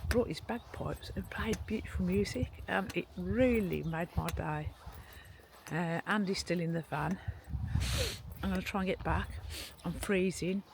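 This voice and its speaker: Shivering in the cold outside a castle, a woman vlogging from her motorhome rambles and gushes to the camera, her words a little odd. Her voice is lowish, creaky, and a little slow, with background noise behind it.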